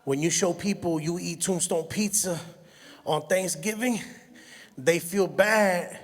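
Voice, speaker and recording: A stand-up comedian, telling animated stories and laughing at his own jokes. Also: sits high, slow. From Brooklyn, New York. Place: comedy stage in a hall. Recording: long hall reverb from a live venue.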